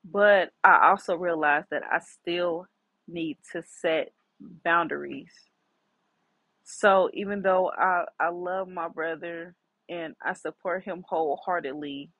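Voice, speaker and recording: A woman's voice: fairly low pitch, fairly even intonation, slow pace, pushed and bright, no echo, muffled recording. A middle-aged woman hosting a podcast, candidly and reflectively telling a personal story with many fillers. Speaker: podcast host.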